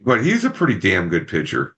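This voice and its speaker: A man's voice: sits low, huge pitch swings, brisk, fairly bright tone, slightly rough, muffled recording. A man telling a rambling, profane story on a casual podcast and acting out the quotes. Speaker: podcast co-host.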